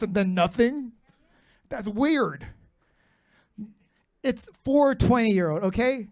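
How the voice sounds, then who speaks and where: A man's voice: very high voice, measured pace, darkish tone. A man in his thirties doing a profane stand-up comedy set, bantering brashly with the crowd. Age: 30s. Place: comedy club stage with live audience.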